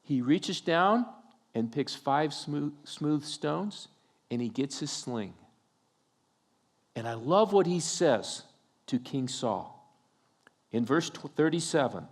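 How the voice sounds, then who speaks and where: A man's voice: on the high side, slow, long pauses. Pastor guy preaching, voice jumps all over, takes his time, jokey storyteller. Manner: animated storytelling, acting out scenes; humorous asides. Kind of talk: sermon.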